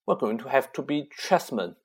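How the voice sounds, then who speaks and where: A man's voice: mid-range voice, sing-song, moderate pace, breathy edge. A man voicing an eleven-year-old boy who confidently plans a chess game and takes charge. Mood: assured.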